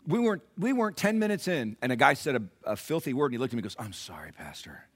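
A man preaching a sermon as pastor, animated, with rhetorical questions, swinging between loud emphasis and hushed asides. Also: on the high side, rapid-fire.

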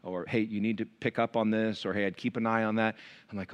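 A middle-aged man preaching a sermon as pastor, animated and storytelling, swinging between loud bursts and hushed asides. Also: lowish voice, brisk, smooth, muffled recording.

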